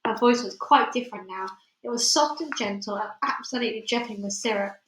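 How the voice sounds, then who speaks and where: A woman reading a children's novel aloud with clear storytelling, then chatting hesitantly as she signs off. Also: fairly high pitch, a little fast, a bit bright, slight background noise. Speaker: audiobook reader. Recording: roomy echoey room.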